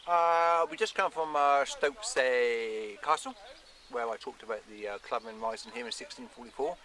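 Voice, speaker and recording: A man's voice: medium pitch, normal speed, sharp tone. Chatty man on a castle walk. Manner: chatty, hesitant with fillers. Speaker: history vlogger. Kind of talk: casual outdoor history vlog. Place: outdoors at a castle site.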